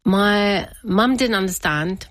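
A woman's voice: mid-range voice, takes it slowly, no room sound. A woman, a guest in an interview, telling a personal family story with lots of laughter. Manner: animated, laughs often, acts out family members' voices.

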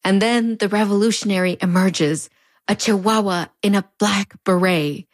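A woman's voice: medium pitch, moderate pace, dry recording, studio quality. A woman with a US-Mexico border accent narrating a video essay in a conversational, wry way. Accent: US-Mexico border Spanish-tinged English. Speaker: host.

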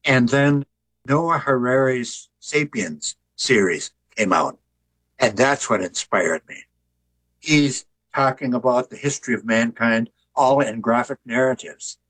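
An older man, an author and artist, talking in an interview with a relaxed, joking storytelling manner. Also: mid-range voice, unhurried, low-quality recording. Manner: relaxed storyteller who jokes.

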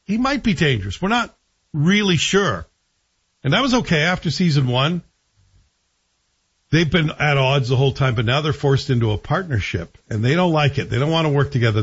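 A man's voice: mid-range voice, slightly rough. A man giving a chatty, wry TV review in a casual, frank way. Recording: dull lo-fi recording.

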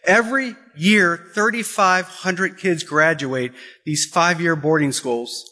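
A man's voice: on the high side, takes it slowly, pushed and bright. A man giving an impassioned Catholic talk, repeating phrases and pressing urgent questions. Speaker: Catholic speaker.

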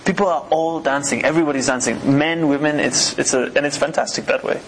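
A man from Uganda who grew up in New York, chatting in a relaxed, easygoing way as an interview guest. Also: a little high, brisk, slight background noise. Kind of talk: relaxed conversational storytelling.

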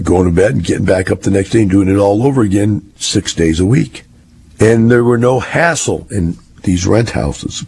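A man's voice: lowish voice, gravelly, a little mellow, husky. An older man telling rambling, folksy stories in a casual monologue. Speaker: real estate investor.

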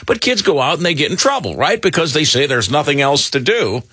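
Man, middle-aged, radio host, rambling, bright, husky. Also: fairly high pitch, a little fast, no echo, clean studio sound. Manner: rambling, animated, with many fillers. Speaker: radio talk show host. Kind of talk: casual talk radio banter.

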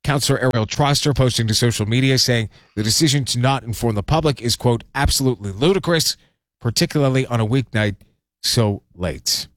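A man hosting radio news, reading in a steady, measured way. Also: mid-range voice, dry recording, studio quality. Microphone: studio mic.

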